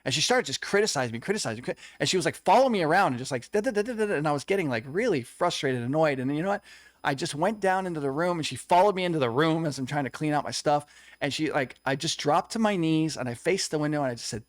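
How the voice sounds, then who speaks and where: A man's voice: on the high side, lively intonation, fast talker, no echo, studio quality. Earnest man telling a personal story. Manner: earnest, confessional, tells stories with quoted dialogue. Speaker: co-host.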